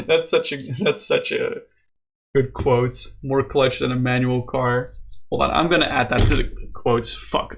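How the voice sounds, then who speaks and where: A man streaming a card game, chatting casually with his viewers, excitable and swearing freely. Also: mid-range voice, creaky.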